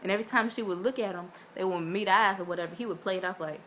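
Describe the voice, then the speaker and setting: A young woman chatting straight to her camera, spinning a story with plenty of "like" and "um." She leans into the tale, her voice jumping up as she acts out what everyone said. The delivery is loose and animated, like she's talking to a friend. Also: mid-range voice, rapid-fire, a little hiss or hum. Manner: animated, acts out quotes with big voice swings; chatty with many fillers. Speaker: vlogger. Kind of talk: casual storytelling vlog.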